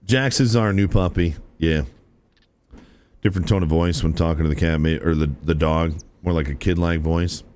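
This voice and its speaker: A man's voice: deep voice, fairly even intonation, normal speed, darkish tone, a little hiss or hum. A young man streaming a game live, chatting casually and laid-back with his viewers, often calling them "chat" and saying "dude".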